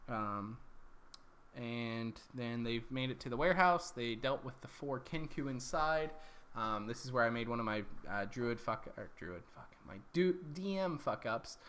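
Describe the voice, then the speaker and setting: A man's voice: medium pitch, animated, unhurried, a bit bright, smooth. A man recapping his tabletop campaign as dungeon master, rambling along with lots of ums and corrections.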